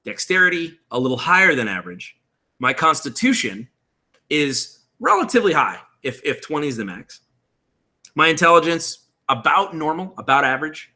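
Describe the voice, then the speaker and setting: Man, thirties, tutorial host, casual explainer, bright forceful voice. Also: fairly high pitch, very animated, moderate pace. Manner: casual, explanatory, reads chat aloud. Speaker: tabletop game host. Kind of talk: live-streamed tutorial chat.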